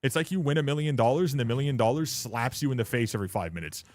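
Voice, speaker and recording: A man's voice: mid-range voice, lively intonation, quick pace, a little mellow, soft background music. A young man from Canada chatting casually on a live stream, blunt and profane, ranting at his viewers and laughing often.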